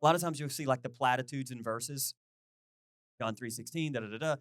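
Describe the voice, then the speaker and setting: A middle-aged man preaching a casual, conversational sermon as a pastor, chatty and animated, often asking his listeners questions. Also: mid-range voice, a little fast, no room sound, clean studio sound.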